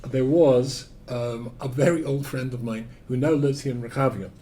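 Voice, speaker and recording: A rabbi from Scotland gives a live Torah lecture in a Scottish accent, telling stories with self-deprecating humor and shifting between loud emphasis and quiet asides. He speaks at normal speed and medium pitch with fairly even intonation, over slight background noise.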